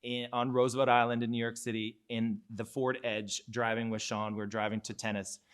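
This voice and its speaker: A man's voice: mid-range voice, flat delivery, a little fast, smooth. A man from Seattle co-hosting a live podcast, telling personal stories in a self-mocking way and laughing easily. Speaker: co-host.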